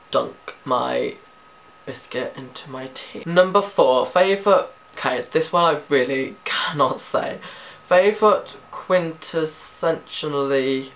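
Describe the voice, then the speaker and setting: A teenage man chatting casually through a tag questionnaire, rambling and quick to giggle. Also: medium pitch, creaky, fairly bright tone, slight background noise. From Britain. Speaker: vlogger.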